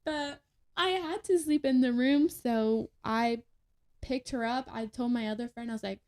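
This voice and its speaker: Young woman, podcast guest, a touch high-pitched, rambling casual storyteller. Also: moderate pace, darkish tone. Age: young adult. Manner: chatty, laughing, many fillers and restarts.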